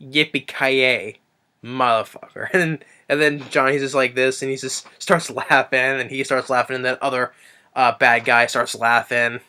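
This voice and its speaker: A man's voice: flat delivery, normal speed, pushed and bright, smooth. A man reviewing a movie off the cuff, rambling with lots of fillers and restarts. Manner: briefly acts out quotes in a higher voice.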